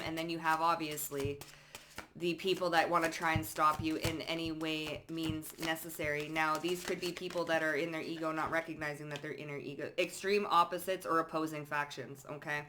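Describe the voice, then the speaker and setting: A woman giving a psychic card reading to the viewer, animated and laughing often, calling listeners honey and swearing freely. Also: low-pitched, moderate pace, slight background noise. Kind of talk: tarot reading to camera.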